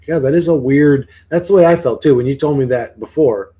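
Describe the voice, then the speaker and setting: A man's voice: medium pitch, a little fast, few pauses, mellow, slightly rough. A man livestreaming who rambles, swears freely and keeps firing questions back at his chat in casual talk.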